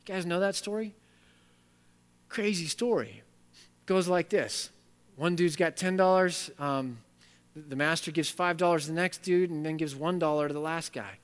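A man preaches a sermon in a high voice, animated and emphatic. He tells stories casually and leans hard on key words. His voice carries a long reverb in a hall. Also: moderate pace, smooth. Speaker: pastor.

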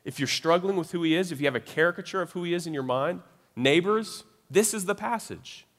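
A man preaching a sermon in a casual, conversational way, often checking in with his listeners with quick tag questions. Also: sits high, in a large hall.

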